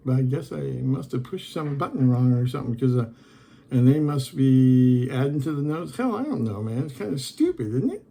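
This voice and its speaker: A man's voice: medium pitch, big pitch swings, moderate pace, creaky, dark tone, husky, low-quality recording. A man talking casually to camera as an online reseller, exasperated and rambling as he tells a story and reads messages aloud.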